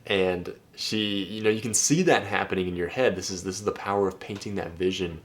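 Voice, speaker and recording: A man with a deep, low voice talks through text exchanges as a dating coach. His delivery is casual and chatty, with occasional swearing and a habit of ending points with "right?". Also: fairly quick. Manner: loose and chatty, swears, keeps asking "right?". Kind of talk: casual commentary reading out texts.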